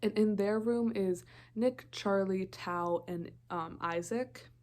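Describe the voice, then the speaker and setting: A woman's voice: medium pitch, slow pace, darkish tone. Chatty young woman recapping a show. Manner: rambling, chatty, interrupts herself often. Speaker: vlogger.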